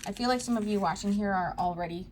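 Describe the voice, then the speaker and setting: A woman giving a tarot card reading to her viewers, talking to them directly in a soft, reassuring way. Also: mid-range voice, fast talker, background noise. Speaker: psychic tarot reader.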